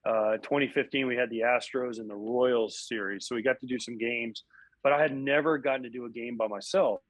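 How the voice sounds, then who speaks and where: A man, a former baseball catcher and broadcast analyst, telling animated stories from his playing days in a casual interview, often acting out what people said. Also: mid-range voice, brisk, no echo, poor audio. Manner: animated, acts out quotes.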